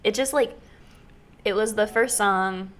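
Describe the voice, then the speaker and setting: A young woman co-hosting a music podcast, running through facts in relaxed casual chat with fillers, on a desk mic in a small studio. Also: medium pitch, measured pace. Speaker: podcast co-host. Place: small studio in a dorm basement. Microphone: desk microphone.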